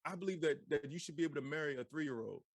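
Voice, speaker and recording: A man's voice: on the high side, fast, no room sound, studio quality. A man putting on a stammering grown man who rambles out strange beliefs in a teaching talk. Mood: rambling.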